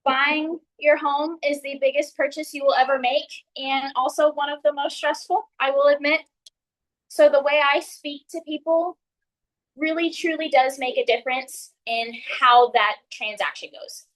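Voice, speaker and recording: A woman's voice: high voice, fairly even intonation, normal speed, fairly bright tone, poor audio. A young woman with a Texan accent giving a friendly, earnest ice-breaker speech at a public speaking club. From San Antonio, Texas. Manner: friendly, earnest, laughs between points. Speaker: Toastmasters speaker.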